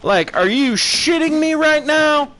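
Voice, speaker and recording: A man's voice: very high-pitched, lively intonation, slow pace, bright, forceful tone. A man streaming a profane, sarcastic rant that mocks people with put-on voices. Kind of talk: ranting commentary.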